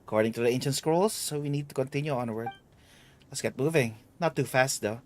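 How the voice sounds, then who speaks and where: A man's voice: mid-range voice, a little fast, a little mellow, a little hiss or hum, close to an everyday voice. A man reading as a teasing older woman adventurer. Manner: teasing, bossy, playful read-aloud. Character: playful older woman treasure hunter with a bad back. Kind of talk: reading game dialogue aloud.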